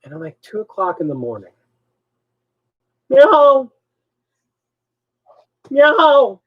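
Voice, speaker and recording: A man co-hosting a live show, telling a story in a casual, animated way. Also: on the high side, fast talker, breathy edge, narrow, tinny audio. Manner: animated, swings between mutters and loud bursts. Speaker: co-host.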